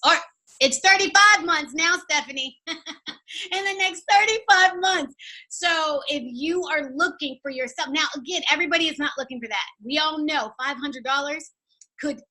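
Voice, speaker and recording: A woman's voice: high voice, sharp tone, poor audio. A woman giving an enthusiastic, cheerleader-like training talk as a sales team coach. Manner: peppy, cheerleader-like. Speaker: network marketing trainer.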